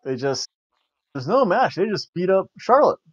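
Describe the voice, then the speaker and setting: A high-pitched wrestling review host with big pitch swings and a breathy edge speaks at normal speed. His chat is rambling and casual, with jokes and many restarts, on a dull, lo-fi, dry recording with no room sound.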